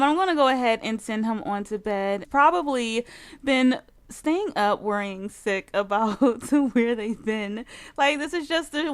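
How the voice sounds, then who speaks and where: A woman with a high voice commenting on her own gameplay in a let's play. She is excitable and full of exclamations, with "like" in nearly every sentence. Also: smooth. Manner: excitable, exclaiming, heavy use of "like". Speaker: gaming channel host.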